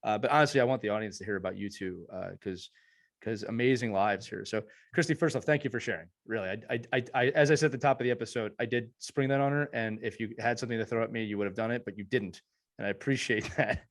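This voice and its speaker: A man's voice: lowish voice, fast. A man hosting a podcast in casual chat, earnest and effusive, often restarting his sentences. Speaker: podcast host.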